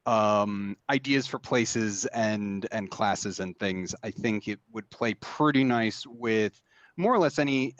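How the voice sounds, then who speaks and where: A man's voice: lowish voice, no room sound, highs cut off. A man talking casually in an interview about making games, rambling with many fillers and restarts. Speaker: game designer guest.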